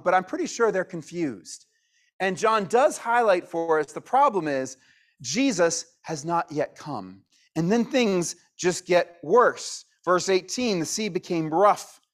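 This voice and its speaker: A pastor giving a sermon in a conversational way, dropping to a hush on key lines. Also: male voice, sits high.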